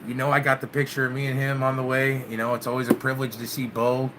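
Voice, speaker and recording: A man's voice: medium pitch, completely flat delivery, quick pace, background noise. A man hosting his own channel, chatting casually with viewers, loose and laid-back, dropping "man" and swearing often. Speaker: channel host. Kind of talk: casual vlog chat with live viewers.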